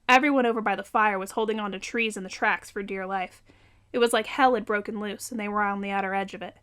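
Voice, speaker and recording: A woman reading her own fantasy novel aloud as scripted narration, even and unhurried. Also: mid-range voice.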